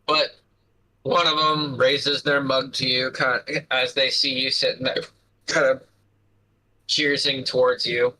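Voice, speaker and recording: A man running a tabletop game as game master, describing the scene in an unhurried, musing way with frequent fillers. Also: mid-range voice, level tone, sharp tone, slight background noise, low-quality recording.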